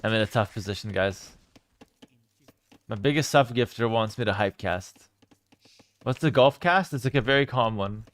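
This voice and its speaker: A young man casting a strategy game live and chatting with his viewers, with sudden bursts of excitement. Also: lowish voice, moderate pace, long pauses. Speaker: game streamer and caster. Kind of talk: live game commentary with chat.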